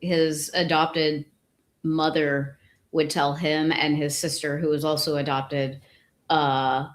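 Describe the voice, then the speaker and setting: Woman, 40s, podcast co-host, low voice, frank and casual. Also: flat delivery, slow pace. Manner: frank, agreeable, uses blunt slang. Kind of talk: casual chat.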